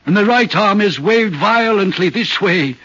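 A haunted, husky railway signalman. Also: high voice, animated, a bit bright, full character voice. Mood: uneasy. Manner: earnest, troubled, deliberate storytelling. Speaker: signalman in a radio play. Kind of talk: vintage radio drama acting. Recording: muffled old radio recording.

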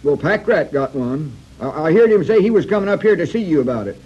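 A slow-witted, eager young country fellow in a 1940s radio comedy, stammering. The voice sits a bit high and husky, heard through a lo-fi old radio recording. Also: male voice, expressive.

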